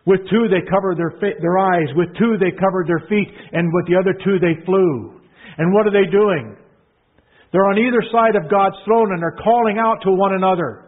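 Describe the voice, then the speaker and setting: A man preaching a sermon, emphatic, repeating phrases and swinging from hushed to loud proclaiming. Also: high-pitched, moderate pace. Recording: tinny phone-like sound.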